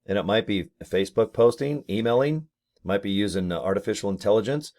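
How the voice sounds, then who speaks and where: A man's voice: on the low side, fairly quick, a little mellow. Rambling, joking man on a webcam. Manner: joking, rambling, slips into silly voices for bits. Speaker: network marketing vlogger. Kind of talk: casual rambling webcam vlog. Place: home office with ring light.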